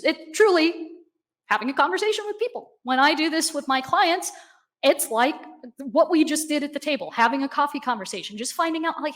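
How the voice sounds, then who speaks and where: A woman giving a conversational, animated conference talk, often checking in with the audience. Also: high-pitched. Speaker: conference speaker. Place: conference stage.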